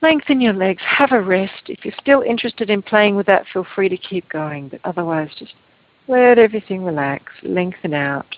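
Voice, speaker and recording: A woman teaching a Feldenkrais movement lesson over a video call, giving calm, gentle, unhurried instructions. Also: medium pitch, no echo. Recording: tinny, phone-like call audio, dry.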